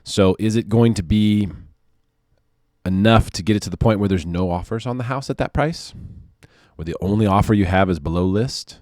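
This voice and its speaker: A low-voiced man talks through mortgage markets in a loose, animated commentary, leaning on sarcasm and repeating words to drive a point home. His voice is close and dry, with no room around it. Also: moderate pace, dry recording. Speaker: mortgage loan officer.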